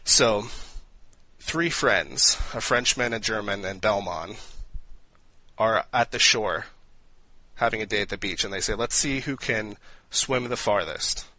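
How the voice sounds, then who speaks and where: A man with a low, bright, forceful voice chats on a podcast and tells old jokes with energy, padding his talk with "like" and "right". The sound is dry and close, with no room around him. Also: unhurried, dry recording, poor audio. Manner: animated joke-telling with frequent fillers. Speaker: podcast co-host. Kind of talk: casual podcast chat.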